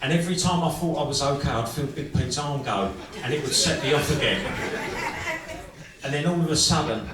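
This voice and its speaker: A man doing crude, unhurried stand-up storytelling on stage at a live music club, swearing freely. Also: fairly high pitch, noisy background. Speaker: comedian and singer. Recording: echoey club room from far off with music.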